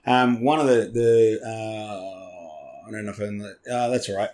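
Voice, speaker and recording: A man's voice: lowish voice, a little slow, darkish tone. A man with an Australian accent, a podcast guest telling stories in a loose, rambling way, swearing freely and restarting often. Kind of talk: casual storytelling chat.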